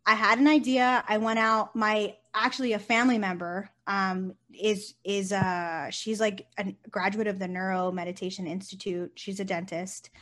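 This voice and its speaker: A woman, a nurse and company founder, talking casually in an interview and telling stories with lively, acted-out quotes. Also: mid-range voice, normal speed, hardly any pauses. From United States. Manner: animated storyteller, acts out quotes, swears casually.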